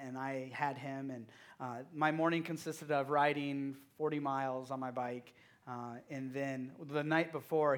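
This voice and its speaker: A man preaching to a youth group as their pastor. He asks the audience direct questions and swings between loud emphasis and hushed, quiet moments. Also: mid-range voice. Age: young adult or middle-aged father of a toddler. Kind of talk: sermon.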